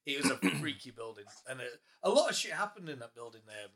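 A man's voice: mid-range voice, very animated, fast talker, fairly bright tone. A man hosting a casual podcast, joking, laughing and swearing as he tells stories. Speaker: podcast host.

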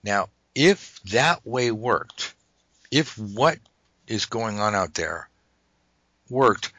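A man with a low voice and a bright, forward tone, talking casually on a podcast. He rambles, restarts his sentences and jokes at his own expense. The sound is dry and close, with no room around it. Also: lively intonation, very slow, no echo, lo-fi sound. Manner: rambling, self-interrupting, jokey. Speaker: podcast host.

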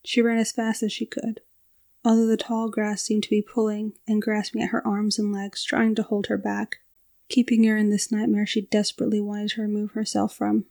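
A woman narrating a scripted story in a steady, even storytelling delivery. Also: mid-range voice, moderate pace, creaky.

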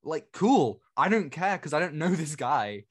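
A man's voice: fairly high pitch, sing-song, a little slow, husky. A man co-hosting a film podcast, giving opinions in a casual, conversational way. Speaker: podcast co-host. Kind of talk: casual chat.

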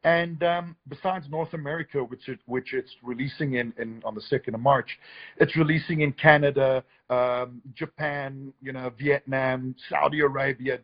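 A man's voice: mid-range voice, fairly even intonation, normal speed, lo-fi sound. A man, a filmmaker guest, chatting enthusiastically on a live stream, joking and restarting his sentences often. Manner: enthusiastic, rambling, jokey with many restarts. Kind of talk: casual live-stream chat.

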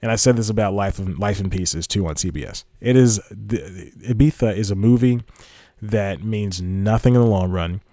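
A man's voice: on the low side, moderate pace, mellow, dry recording, clean studio sound. A man hosting a casual podcast, rambling through his thoughts and laughing at his own slip-ups. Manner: rambling, self-correcting, laughs at own slips. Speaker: podcast host. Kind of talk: casual solo podcast talk.

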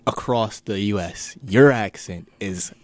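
A man's voice: on the low side, a little slow, a little mellow, no room sound. A young man from Maryland co-hosting a casual podcast chat, teasing and arguing his point. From Prince George's County, Maryland. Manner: teasing, argumentative. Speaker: podcast co-host.

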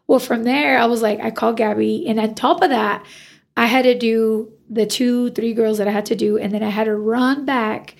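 Woman, hairstylist guest, gravelly edge, fairly high voice, lively storyteller. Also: normal speed. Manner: animated, acts out quoted dialogue. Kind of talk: casual storytelling interview.

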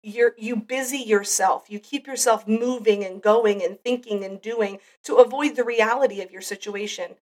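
Woman host, fairly high voice, sincere devotional teaching, mic set back from her. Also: moderate pace, few pauses, a little mellow, far from the mic. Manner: earnest, heartfelt. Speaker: podcast host.

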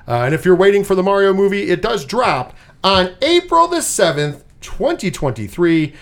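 A man hosting a casual pop-culture chat, animated and swearing freely, with lots of repeated words. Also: sits high, normal speed, gravelly. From US Northeast. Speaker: podcast host.

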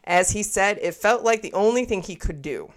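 A woman's voice: medium pitch, expressive, moderate pace. A woman podcast co-host in casual chat, reading a scary story aloud with laughs and asides.

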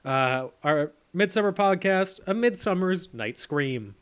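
A man's voice: sits high, animated, unhurried, clean tone. A man co-hosting a podcast, recapping a movie's plot in wry, laid-back casual chat. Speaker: podcast co-host.

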